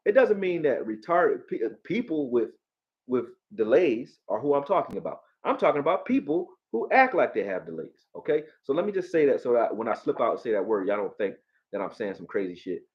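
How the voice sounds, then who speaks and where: A man from Philadelphia with a Philly accent, hosting a live football stream, profane and animated, talking back to his chat. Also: medium pitch, fairly quick, muffled recording. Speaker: sports streamer.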